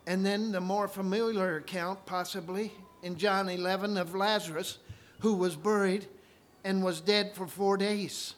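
A man preaching a sermon, retelling scripture stories and swinging from quiet asides to loud, ringing proclamations. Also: high-pitched, fairly even intonation, unhurried.

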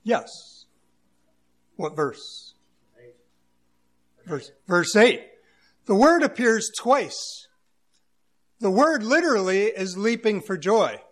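High-voiced man preaching a sermon. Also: very animated, slow, long pauses. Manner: earnest, emphatic, searching for words. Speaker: pastor. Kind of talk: sermon with scripture reading.

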